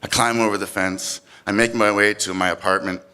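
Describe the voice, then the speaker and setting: Bright-voiced animated male storyteller. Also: lowish voice, a little fast, clear, resonant tone. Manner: animated, swinging from shouts to hushed tones. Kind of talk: live competition storytelling. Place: stage at a live story event.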